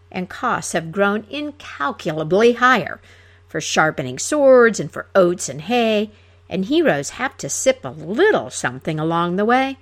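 A woman voicing a blustering, boastful young male knight in clanking armor, speaking loudly and insistently. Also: medium pitch. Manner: loud, insistent, pompous.

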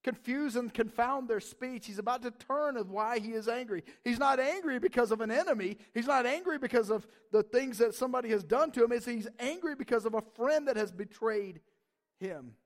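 Man, pastor, sermon, conversational and emphatic, very high pitch. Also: animated, brisk.

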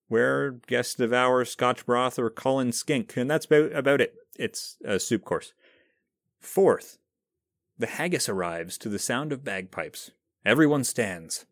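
A man's voice: medium pitch, no room sound, studio quality. A man hosting a podcast, reading a scripted explainer in a conversational, self-deprecating way. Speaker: podcast host.

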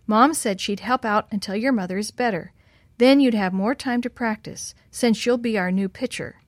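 A woman's voice: on the high side, no room sound, natural voice. A woman voicing a shy, kindly boy. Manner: hurried, kindly. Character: popular friendly boy, shy.

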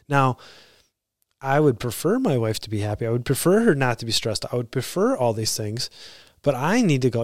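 A man in his thirties talks alone on his podcast, earnest and reflective, his thoughts tumbling out with frequent restarts. His voice sits at an ordinary middle pitch. The sound is dry and close, with no room around it. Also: expressive, a little fast, darkish tone, no echo. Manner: earnest, conversational, self-correcting. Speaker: podcast host.

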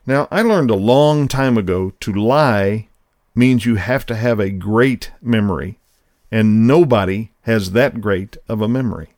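A man's voice: fairly low pitch, a little slow, darkish tone, no echo, studio quality. A middle-aged man hosting a podcast, telling a personal story in a folksy, conversational way. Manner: folksy, conversational, acts out quoted voices. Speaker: podcast host.

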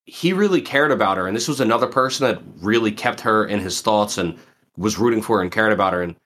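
A man's voice: fairly low pitch, lively intonation, fast, a bit bright. A man co-hosting a podcast, talking in a thoughtful, searching way with many fillers. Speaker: podcast co-host. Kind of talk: casual chat.

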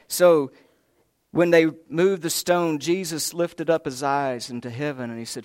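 Preacher guy giving a sermon, keeps asking the folks questions, slightly high voice, dry sound. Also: unhurried, no echo. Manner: emphatic storytelling, asks the crowd questions; talks directly to the congregation.

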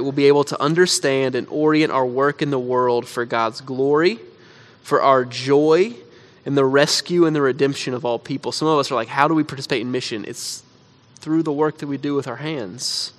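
A man, a pastor, preaching a sermon in a casual storytelling way, often saying "like," then dropping to quiet, earnest emphasis. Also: mid-range voice. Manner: conversational storytelling with frequent "like".

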